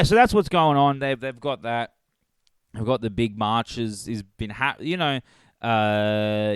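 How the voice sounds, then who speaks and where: A man's voice: medium pitch, clear, resonant tone, no room sound. Sarcastic man telling a story. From Australia. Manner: animated, sarcastic, acts out both sides of quarrels. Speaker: podcast host. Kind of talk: solo comedic storytelling.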